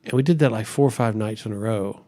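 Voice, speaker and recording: Animated storytelling man, pastor. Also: lowish voice, fast. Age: middle-aged. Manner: animated storyteller, acts out quotes, laughs often. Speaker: pastor, interview guest. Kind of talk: casual storytelling interview.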